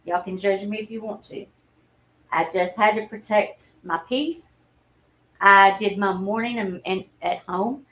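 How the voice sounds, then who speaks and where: A woman's voice: medium pitch, steady tone, a bit bright, slight background noise, low-quality recording. Candid woman in her forties. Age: 40s. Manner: halting, earnest, openly emotional storytelling. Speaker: livestreamer. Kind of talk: candid personal livestream talk.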